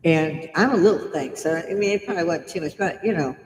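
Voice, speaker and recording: Over background music, a woman in her seventies from the United States tells casual stories on a live stream, laughing often. Her voice is lowish and a bit quick, and the space around her is reverberant and echoey.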